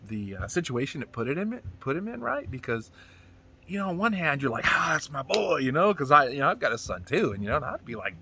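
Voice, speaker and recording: Speaking fast in a mid-range voice over a noisy background, a comedian in his forties delivers a casual monologue. It's an animated, profane, rambling retelling of a personal story.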